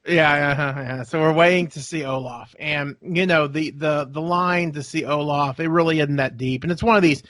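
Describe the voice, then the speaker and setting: A man's voice: on the high side, moderate pace, few pauses, fairly bright tone, dry recording. A man co-hosting a podcast, telling a long rambling story in casual chat and acting out the people in it. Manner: rambling storyteller, acts out voices, laughs often. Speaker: podcast co-host.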